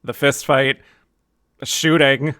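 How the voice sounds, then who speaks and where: A man hosts a film podcast in a relaxed, wry chat and laughs often. His voice is bright and sharp. The sound is dry and close. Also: mid-range voice, takes it slowly, clean tone, no echo. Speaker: podcast host. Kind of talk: casual chat about a film.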